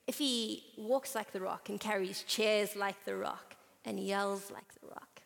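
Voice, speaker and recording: A woman's voice: mid-range voice, level tone, moderate pace, few pauses. Woman preaching in a reverberant hall. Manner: conversational, storytelling with playful asides. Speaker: conference speaker. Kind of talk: sermon with Bible reading. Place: conference hall.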